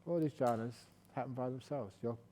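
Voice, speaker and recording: A man giving a calm, gentle meditation talk at a retreat, slipping in playful jokes. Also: medium pitch, fairly quick, big-room sound, slight background noise. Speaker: meditation teacher.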